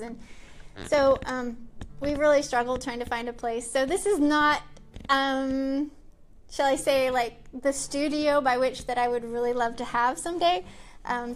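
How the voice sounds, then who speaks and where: A woman hosting her own show from a small library room, talking casually and cheerfully with lots of ums and likes. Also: high-pitched. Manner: chatty and upbeat with frequent ums and likes. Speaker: show host. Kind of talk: casual chat to a live-stream audience.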